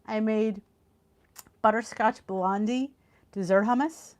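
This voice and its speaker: A middle-aged woman with a mid-range voice and moderate pace chats her way through a live cooking stream from home, reading viewer comments aloud over a computer video call. She gasps and trails off mid-thought, and the heat has her tired and yawning.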